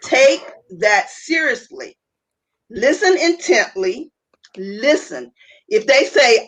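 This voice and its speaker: A woman's voice: sits high, animated, slow pace, a bit bright, rough recording. Earnest woman guest on a video call. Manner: emphatic, repeats key phrases, frequent restarts. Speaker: panel guest. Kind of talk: earnest advice talk.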